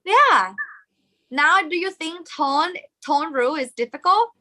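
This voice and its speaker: Bright-voiced Thai woman teaching. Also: high-pitched, lively intonation, measured pace. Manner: explains step by step, checks in with learners often; non-native English grammar, sprinkles Thai polite particles. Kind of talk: live online lesson.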